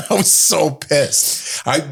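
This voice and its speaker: Animated, grumbling male podcast co-host. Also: a little high, drawn-out words, vocal fry, slightly rough. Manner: animated storyteller, grumbling and exaggerated. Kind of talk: casual chat.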